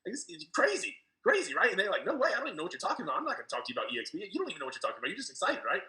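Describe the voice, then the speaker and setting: A man with a bright, slightly high voice rushes through his story, tripping over fillers and restarts. He sounds excited and crisp-edged, talking fast. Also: rough recording. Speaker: interviewee, team leader. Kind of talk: casual storytelling.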